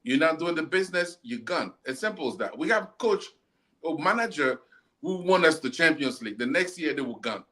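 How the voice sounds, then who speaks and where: A man's voice: a little high, animated, a little fast, pushed and bright. Blunt ranting man. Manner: blunt, ranting, repeats words. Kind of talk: heated casual football chat.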